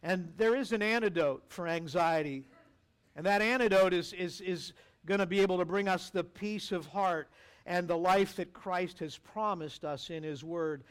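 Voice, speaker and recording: A man's voice: high-pitched, normal speed, clear, resonant tone. A man preaching a sermon as pastor, earnest and conversational, with rhetorical asides to the congregation.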